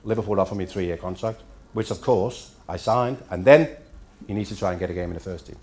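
A man's voice: low-pitched, fast talker, darkish tone. A man in his fifties from Denmark, a Danish native speaker, telling after-dinner stories with dry punchlines at a hotel function room dinner.

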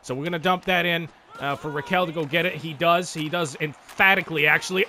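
A man giving excitable, casual commentary over a hockey video game, swearing freely and talking to the players on screen. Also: a little high, brisk, slight background noise. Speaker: gaming YouTuber. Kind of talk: live gameplay commentary.

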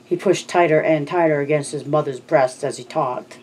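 An audiobook narrator reading a novel in a steady, measured scripted style. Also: medium pitch.

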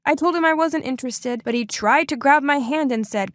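A young woman narrating a dramatic first-person story with an expressive, animated delivery. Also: high-pitched, fairly quick, no room sound.

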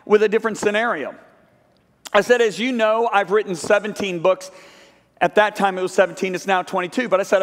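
Male guest preacher, higher register, animated storyteller voicing both sides of the dialogue, live church hall reverb. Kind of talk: sermon storytelling. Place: large church sanctuary.

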